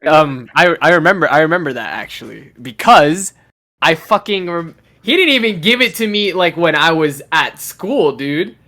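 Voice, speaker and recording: A man's voice: fairly high pitch, expressive, moderate pace, sharp tone. A young man co-hosting a podcast, telling a story in casual chat with constant swearing. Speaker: podcast co-host.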